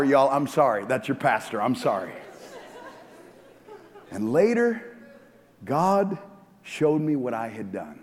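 A man, a pastor, preaching a sermon to his church, shifting from hushed, joking asides to loud shouting. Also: mid-range voice, sing-song, unhurried, long pauses, some chatter behind. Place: large church hall. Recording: long reverb of a church hall.

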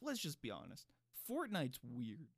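A man's voice: medium pitch, wildly swooping pitch, measured pace, creaky, very noisy. A man co-hosting a casual podcast, rambling through stories with lots of fillers. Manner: rambling, filler-heavy storytelling. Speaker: podcast co-host. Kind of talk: casual chat.

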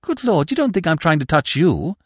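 A man voicing a scatterbrained, plaintive young gentleman who talks in a hurried, breathless, exclamatory way, in an audiobook reading. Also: on the high side, sing-song, breathy edge, no room sound, clean studio sound, pitched above the performer's own voice. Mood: flustered.

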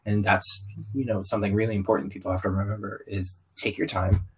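Husky young man with slight Southern accent. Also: lowish voice, fast talker. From Southern US, raised partly in Baltimore. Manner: open, animated storytelling with quoted asides. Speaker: guest. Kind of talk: candid conversational interview.

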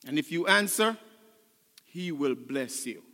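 An older man preaching a sermon as pastor, choked up and emotional, building to loud, fervent passages. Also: fairly high pitch, lively intonation, unhurried, big-room sound. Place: church sanctuary.

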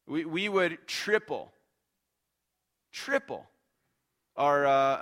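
A man's voice: fairly high pitch, a bit bright. A man preaching a sermon as pastor, earnest and conversational, repeating his points and checking in with the listeners.

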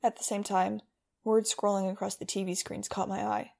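Casting: woman audiobook narrator, wry first-person storyteller, gravelly edge, mid pitch. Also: flat delivery, dark tone. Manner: wry, brisk storytelling with voiced dialogue.

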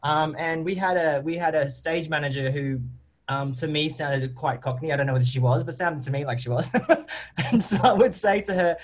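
A man's voice: fairly high pitch, a little fast. An Australian man, a stage actor, answering interview questions in an upbeat, chatty way, with plenty of ums and you-knows.

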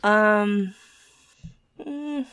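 A just-woken woman co-hosting a podcast, speaking slowly in short, laid-back replies. Her low voice carries a gravelly fry. The sound is close and dry. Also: fairly bright tone, dry recording. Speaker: podcast co-host. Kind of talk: casual chat.

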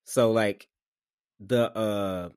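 Low-voiced guy slowly talking through a movie on a podcast, bursts out laughing, dry mic. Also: fairly even intonation, clear, resonant tone, dry recording. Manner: unhurried, breaks into loud laughter. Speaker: podcast co-host. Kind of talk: casual movie recap chat.

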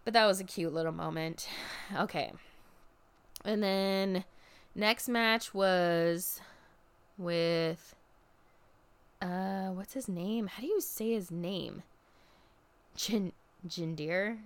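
A young woman in casual chat, recapping a wrestling event. She talks in a lively way and jumps into high mocking voices when she quotes people. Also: slow pace, pauses often, clear, resonant tone.

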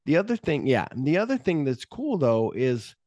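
A man co-hosting a podcast, casually retelling movie scenes with lively energy and jumping into high-pitched voices when he quotes characters. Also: normal speed, no room sound, clean studio sound. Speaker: podcast co-host.

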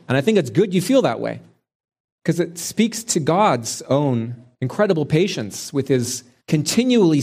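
A man preaching a sermon in a slow, measured, reflective way, pausing often between phrases. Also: a little high, a little mellow, husky.

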